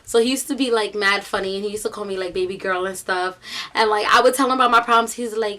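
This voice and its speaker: A woman's voice: mid-range voice, brisk. A young woman with a New York accent telling a story casually, full of "like" and "um", bringing the people in it to life. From United States. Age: young adult. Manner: chatty, animated storytelling with quoted voices; many fillers like "like" and "um". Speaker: vlogger.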